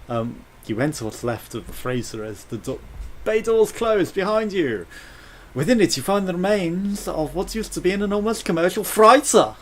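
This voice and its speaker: A man's voice: fairly high pitch, slight background noise. A British man commentating a space game, reading its text aloud with jokes and swearing. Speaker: let's play host.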